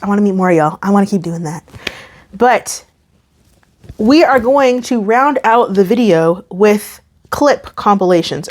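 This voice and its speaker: A young woman YouTube creator chatting casually to camera, emphatic and often restarting her sentences. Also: mid-range voice. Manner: chatty, emphatic, self-interrupting.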